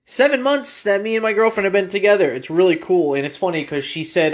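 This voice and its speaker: A young man with a fairly high voice talks through a casual solo podcast. He rambles loosely and fills the gaps with ums and uhs. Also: brisk, hardly any pauses, lo-fi sound. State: clearing his throat after eating. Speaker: podcast host.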